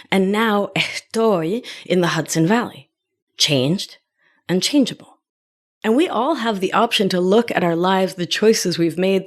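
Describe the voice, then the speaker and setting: Argentine-born woman hosting a podcast, spanish is her first language, calm and unhurried, slips into whispers here and there. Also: lowish voice. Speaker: podcast host and life coach. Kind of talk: reflective wellness podcast monologue.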